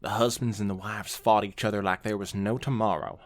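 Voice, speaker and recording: Brief: a man with a lowish voice and a dry, close sound, reading fan fiction dramatically and cracking up often. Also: fairly even intonation, fairly quick, no room sound. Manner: laughs through his reading, dramatic narration. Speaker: podcast co-host reading fan fiction aloud. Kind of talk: casual comedic reading and chat.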